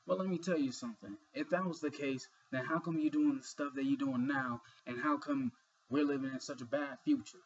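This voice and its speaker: A man's voice: fairly high pitch, a little fast, lo-fi sound, a little hiss or hum. A young man vlogging in a rambling, earnest monologue full of fillers and swearing, sleepy and yawning. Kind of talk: casual monologue.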